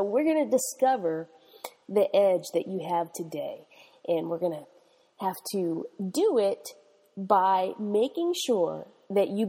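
A woman's voice: lowish voice, mellow, slightly rough, long reverb tail. A middle-aged woman preaching a sermon, emphatic and repetitive, checking in with her listeners. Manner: emphatic, repetitive exhortation with "okay?" tags. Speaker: Bible teacher.

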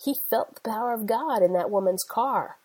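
Breathy woman preaching a sermon. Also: a little high, normal speed, a little mellow, rough recording. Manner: earnest, conversational storytelling with scripture quotes.

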